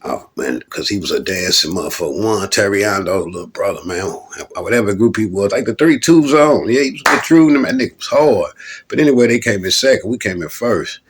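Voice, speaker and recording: Man, middle-aged, very deep voice, husky, rambling profane storytelling. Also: expressive, brisk. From Louisville, Kentucky. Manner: loose, rambling, profane, keeps calling the listener "man". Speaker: rapper telling his stories. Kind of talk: casual profane storytelling monologue.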